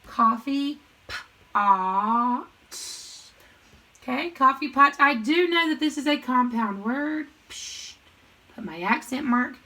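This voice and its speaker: Woman, phonics teacher, bright clear tone, slightly high voice, slow patient sounding-out, thinks aloud at the board. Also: low-quality recording. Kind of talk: recorded classroom lesson.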